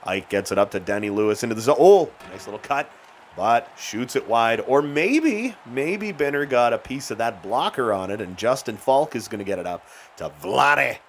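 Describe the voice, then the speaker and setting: A man giving excited let's-play commentary on a hockey video game, chatting casually and shouting at big plays. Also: mid-range voice, normal speed, a little hiss or hum. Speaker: gaming YouTuber.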